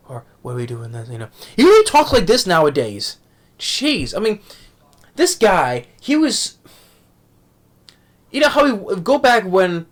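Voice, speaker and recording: A young man giving a rambling, exasperated movie review rant at home, tripping over his words and restarting often. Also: a little high.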